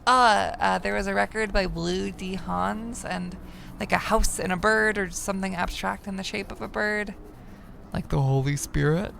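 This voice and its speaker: A woman's voice: medium pitch, steady tone, moderate pace, vocal fry, pushed and bright, slight background noise. A young woman streaming a game, reading its text aloud and joking about it in a sardonic way, sometimes slipping into mock announcer voices.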